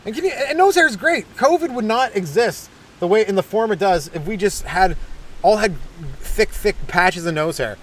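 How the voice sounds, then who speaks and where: A man's voice: high voice, lively intonation, normal speed, slight background noise. A man hosting a comedy podcast, rambling through a self-deprecating, hyperactive stand-up monologue. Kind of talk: stand-up style comic monologue.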